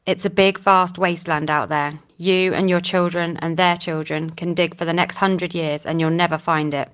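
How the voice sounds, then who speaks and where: A woman voicing a weary, defiant old woman outlaw in a storybook reading, quiet and resigned. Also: fairly low pitch, fairly even intonation, normal speed, smooth, lightly acted.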